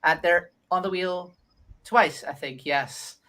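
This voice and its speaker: A man's voice: high-pitched, takes it slowly, pushed and bright. A man co-hosting a casual podcast, stammering often and laughing readily. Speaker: podcast co-host. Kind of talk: casual chat.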